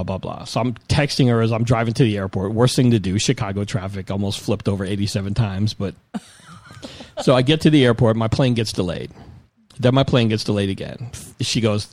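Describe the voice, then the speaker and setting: A man's voice: fairly low pitch, darkish tone, no room sound. A man in his forties telling a rambling, self-mocking story in casual chat.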